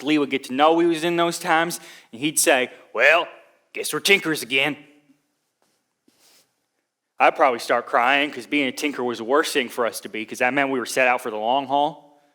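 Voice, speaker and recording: On a theatre stage, a man plays a poor young drifter recounting his hard times in earnest, folksy speech with rustic grammar. His voice is fairly high and bright, and he delivers the monologue with plain, sincere presence.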